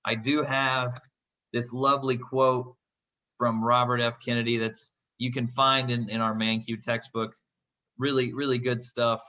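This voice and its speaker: A man's voice: medium pitch, flat delivery, unhurried, pushed and bright, dull audio. A man hosting a podcast, chatting casually about economics in a friendly way with frequent restarts. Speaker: podcast host.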